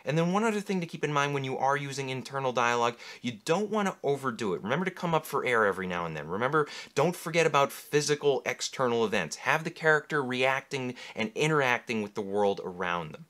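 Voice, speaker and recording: Bright-voiced man teaching writing craft. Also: medium pitch. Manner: clear, steady explanatory delivery. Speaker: writing instructor and novelist. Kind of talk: writing advice lesson to camera.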